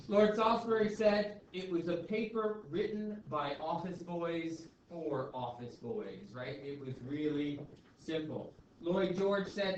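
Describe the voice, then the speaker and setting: A male teacher lecturing a class in a casual, chatty way, checking in with "okay?" and "right?" all the time. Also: on the high side. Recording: echoey classroom, far mic, dull and noisy.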